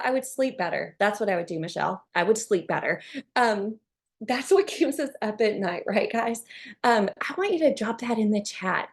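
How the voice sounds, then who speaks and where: A woman giving an enthusiastic, chatty sales pitch to viewers on a video call, often saying "you guys" and "um". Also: darkish tone. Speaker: presenter of an online business call.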